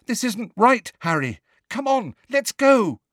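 A man voicing an anxious, bossy teenage schoolgirl in a storybook reading, with a high, strained, urgent manner. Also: sing-song, a little slow, a bit bright, dry recording, clean studio sound, full character voice.

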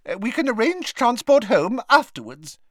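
A man voicing a tiny, excitable old wizard professor with a squeaky, eager manner. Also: moderate pace, no echo, clean studio sound.

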